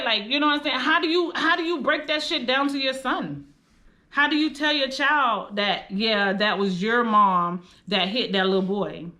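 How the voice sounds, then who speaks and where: Blunt woman vlogger, aave, bright clear voice, cursing, heartfelt storytime. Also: mid-range voice, expressive, measured pace. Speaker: vlogger telling a personal story. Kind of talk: emotional storytime monologue.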